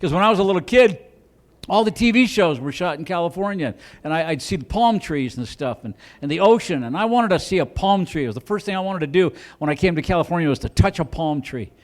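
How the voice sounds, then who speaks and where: A man's voice: sits high, expressive, fast talker. A man doing a stand-up comedy set on a club stage, rambling and self-deprecating, with frequent restarts.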